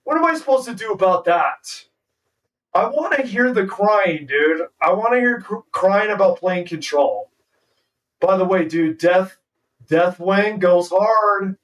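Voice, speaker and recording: A man's voice: high voice, animated, measured pace, fairly bright tone, far from the mic. A man streaming a card game live, ranting and swearing in profane trash talk at his opponent. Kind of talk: live gameplay commentary.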